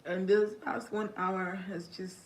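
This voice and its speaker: Young woman on a phone livestream, crying, halting, thankful; mid-pitched voice. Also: flat delivery, low-quality recording. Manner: tearful, halting, grateful. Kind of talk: emotional livestream to viewers.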